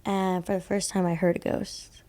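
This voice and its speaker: A woman's voice: fairly low pitch, flat delivery, normal speed, mellow. A young woman co-hosting a podcast, telling a story in a rambling casual way, full of fillers and laughing at herself. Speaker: podcast co-host telling ghost stories.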